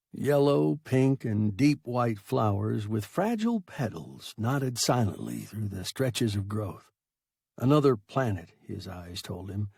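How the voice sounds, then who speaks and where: Slow gravelly male storyteller. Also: mid-range voice, a little mellow, no room sound, clean studio sound. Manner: measured storytelling. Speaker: narrator. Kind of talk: scripted audiobook narration.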